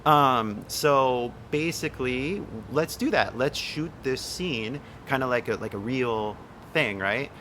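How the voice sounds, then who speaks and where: A man's voice: medium pitch, slow, hardly any pauses, sharp tone, a little hiss or hum. A young man coaching an actress on her accent, talking loosely with lots of "like" and "right?" and the odd swear word. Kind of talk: casual one-on-one coaching.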